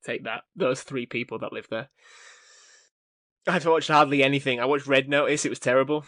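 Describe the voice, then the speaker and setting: A man at an ordinary middle pitch, delivering blunt verdicts with a dry wit. He talks casually on a podcast, and the sound is close with no room sound. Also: steady tone, normal speed, fairly bright tone, dry recording. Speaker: podcast co-host. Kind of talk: casual chat.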